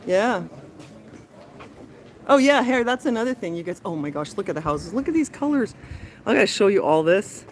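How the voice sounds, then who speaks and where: A woman's voice: medium pitch, sing-song, normal speed, pauses often, a little hiss or hum. Chatty woman vlogging on an uphill walk. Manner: chatty, breathless from climbing, yawning. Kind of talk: walking travel vlog. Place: outdoors in a hilly lakeside town.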